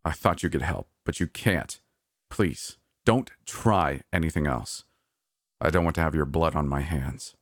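Man reading a frantic male boss, very deep voice, dry read. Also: no echo. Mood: pleading. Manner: hushed, halting and pleading. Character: anxious, desperate adult male manager. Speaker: park manager.

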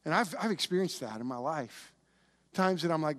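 A man's voice: on the high side, moderate pace, a bit bright. A man preaching a conversational sermon, with frequent restarts, who acts out the voices of biblical figures. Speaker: pastor.

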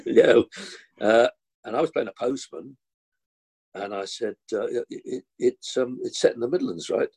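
A man's voice: medium pitch, expressive, a little slow, creaky, long pauses, darkish tone, slightly rough. An older man, chatting as an actor guest and telling rambling anecdotes. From London. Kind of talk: casual interview chat.

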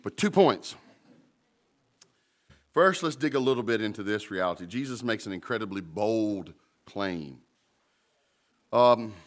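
A man preaching in a church, telling stories and paraphrasing scripture in a relaxed, conversational way. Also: on the low side. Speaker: pastor. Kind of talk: sermon.

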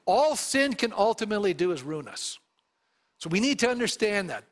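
High-voiced male pastor preaching. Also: big pitch swings, moderate pace. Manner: asks the congregation questions; reads scripture aloud with emphasis. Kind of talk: sermon.

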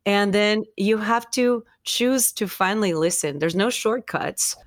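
A woman host speaks in a thoughtful, conversational way and often ends her points with a questioning "right?". Her voice sits at an ordinary pitch. The recording is dry, with no room sound. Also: measured pace, no echo. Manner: reflective, checks in with "right?". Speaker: podcast host. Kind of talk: conversational interview.

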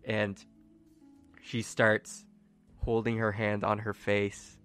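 A man's voice: lowish voice, monotone, slow, fairly bright tone, clear, resonant tone, faint music behind. A man acting as game master, narrating a tabletop game casually with many fillers.

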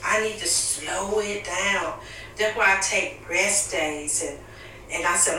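A woman's voice: fairly low pitch, slow pace, bright, forceful tone, a little hiss or hum. Woman giving emphatic advice, echoey room. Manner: advising, preachy and emphatic. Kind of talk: candid family conversation. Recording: echoey room, mic at a distance.

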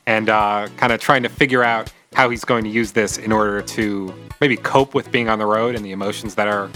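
Man, co-host, bright tense voice, measured and analytical, faint music in the background. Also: on the low side, fairly even intonation. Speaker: podcast co-host. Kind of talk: casual music podcast chat.

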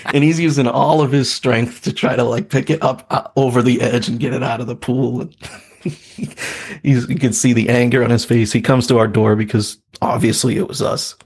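Husky guy on a podcast, laid-back, rambling through a story with lots of ums. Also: medium pitch, little pitch movement, moderate pace, darkish tone. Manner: laid-back, laughing storyteller with many fillers. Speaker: podcast co-host. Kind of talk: casual storytelling chat.

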